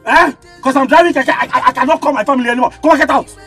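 A man's voice: very high-pitched, racing, gravelly, faint music behind, heavily acted. A man playing an angry Nigerian keke driver. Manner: quarrelsome, shouting. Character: hot-tempered keke driver, a grown son. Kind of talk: Nollywood film acting.

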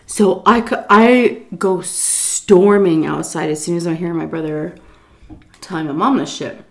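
A young woman vlogger casually telling a story, animated and swearing, acting out quotes loudly. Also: on the low side, unhurried, creaky.

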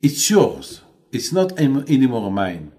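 A man voicing God as a patient, authoritative figure who speaks in calm, lower declarations. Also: unhurried.

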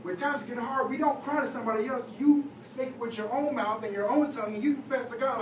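Speaking a little fast in a very high voice, a young youth leader gives a casual sermon in a church hall, leaning on lots of fillers. The recording is distant, echoey and noisy.

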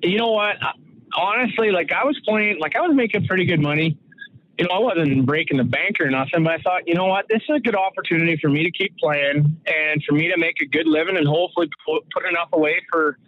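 A man's voice: on the high side, quick pace, no room sound. Rambling man on a tinny phone line. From Saskatoon, Canada. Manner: rambling, full of fillers and restarts, acts out quoted voices. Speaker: guest, former pro hockey enforcer. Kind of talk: casual storytelling interview.

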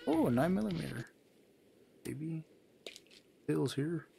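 A young man playing a game with a friend, joking and swearing excitably into a headset mic. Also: on the high side, slow pace, gravelly, soft background music. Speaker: gamer. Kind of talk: casual let's play banter.

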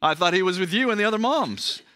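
Man putting on a fretful Joseph, raised voice, bright, lively. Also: fast talker, dry recording, studio quality. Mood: anxious. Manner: anxious, joking, raised pitch. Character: flustered worried Joseph, adult man.

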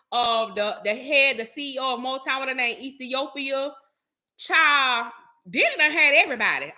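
A high-voiced woman vlogger hosts a casual gossip chat, animated and chatty, speaking straight to her viewers and calling them child, baby and honey.

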